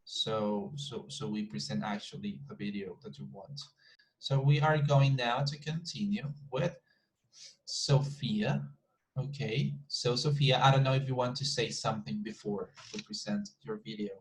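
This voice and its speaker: A man's voice: on the low side, a little slow, low-quality recording. A man teaching an online English class over a video call, talking casually and often repeating words as he hesitates.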